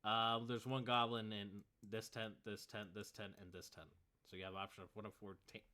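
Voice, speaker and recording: A man's voice: fairly low pitch, level tone, fairly quick, pushed and bright. A man narrating as game master of a tabletop game, laid-back and full of fillers.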